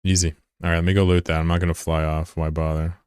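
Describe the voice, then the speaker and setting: A man's voice: low-pitched, little pitch movement, fast, a little mellow, smooth, no room sound, clean studio sound. A man in his thirties casually commentating his live gameplay, loose and profane, giggling and bantering with chat. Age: 30s. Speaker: streamer.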